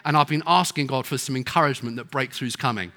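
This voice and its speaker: A man's voice: medium pitch, fast talker, pushed and bright. A middle-aged man preaching a sermon, telling stories and acting out the people in them. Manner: storytelling, acts out quoted voices.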